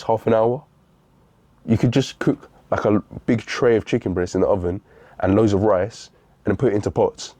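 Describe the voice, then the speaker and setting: A man's voice: lowish voice, fairly even intonation, normal speed, warm tone, no room sound. A young man giving a blunt, repetitive motivational talk, calling the listener bro. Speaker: fitness motivational speaker.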